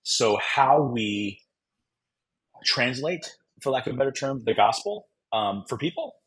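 Middle-aged male guest, raspy tone, animated and self-mocking storyteller. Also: medium pitch, a little slow, low-quality recording. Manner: self-deprecating, joking. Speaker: guest author.

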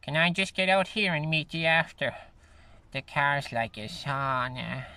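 A man's voice: fairly high pitch, expressive, measured pace, pushed and bright, heavily acted, rough recording. An actor playing a vain young man gossiping and mocking people at the beach. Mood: gossipy. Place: outdoors at a windy beach. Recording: wind and waves noise. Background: wind and surf.

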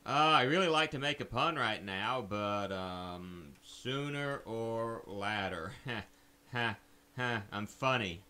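A man's voice: lowish voice, slow pace, bright, forceful tone. A young man doing casual let's play commentary at a desk mic at home, reading the game's text aloud and cracking sarcastic jokes.

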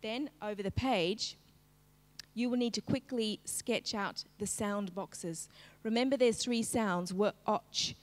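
Woman slowly sounding out phonics. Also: a little high, in a large hall. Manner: slow, clearly segmented sounds, prompting an unseen class. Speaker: literacy teacher. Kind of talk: live-streamed phonics lesson.

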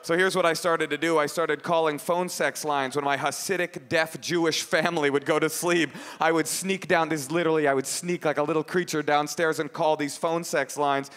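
A man from Oakland performing an animated, ironic stand-up set, then chatting as a guest on a radio show. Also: fairly high pitch, in a large hall. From Oakland, USA. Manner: animated, quick, ironic storytelling.

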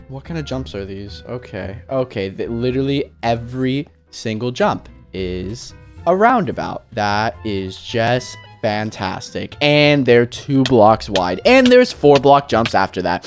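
A young man giving excitable gameplay commentary that swings from loud outbursts to mumbling. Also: medium pitch, a little slow, faint music behind. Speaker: gaming YouTuber.

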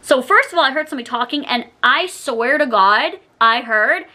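A woman vlogger talking through a storytime in a chatty manner, with "like" in almost every sentence. Her voice sits fairly high and sounds bright and sharp. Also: animated, normal speed, few pauses. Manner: chatty, heavy use of "like" fillers. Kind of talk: storytime vlog.

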